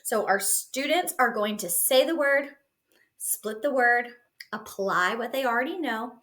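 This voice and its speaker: Bright upbeat woman teacher. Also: a little high, animated, unhurried. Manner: upbeat, encouraging, clear explanations. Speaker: teacher giving teaching tips. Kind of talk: instructional walkthrough for teachers.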